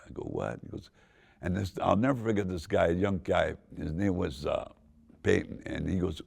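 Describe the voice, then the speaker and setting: Deep gravelly older man telling a story. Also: very animated, normal speed, darkish tone. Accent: Southern Californian. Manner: rambling anecdotal telling with laughs and restarts. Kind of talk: casual spoken memoir.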